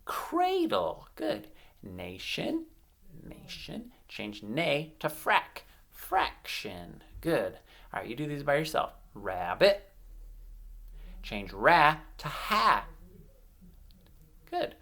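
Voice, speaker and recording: Low, gravelly teacher woman. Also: huge pitch swings, very slow, pauses often, a bit bright. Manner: sing-song encouraging drills, stretched words. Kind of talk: online classroom lesson for young children.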